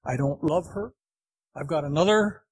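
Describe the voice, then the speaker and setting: A man voicing a husband who coldly says he is leaving his family, spoken flat and blunt. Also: on the high side, normal speed, husky, poor audio.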